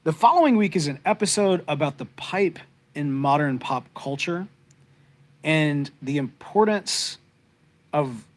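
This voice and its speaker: In a casual live-stream chat, a middle-aged man who co-hosts a podcast talks with viewers in a rambling, sincere way, filled with fillers and restarts. His voice sits on the high side and is expressive, at a measured pace.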